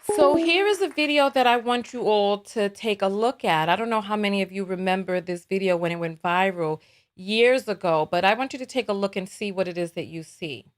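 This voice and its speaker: A woman's voice: medium pitch, fairly quick. A woman hosting a live call-in talk show, conversational and repeating phrases as she thinks aloud.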